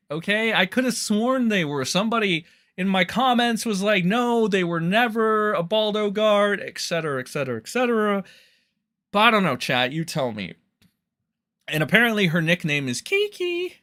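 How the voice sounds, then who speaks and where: A man's voice: sits high, bright, forceful tone. A young man hosting a livestream, rambling and swearing as he comments on online drama and talks to his chat.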